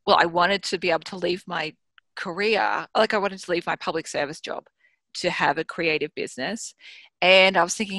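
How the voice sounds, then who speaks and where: A woman's voice: on the low side, a little fast, no echo. An Australian woman in her thirties, telling stories frankly in a casual conversation, swearing freely and acting out her own thoughts. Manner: frank, swears freely, lively storytelling with quoted inner voices. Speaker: guest author and business mentor.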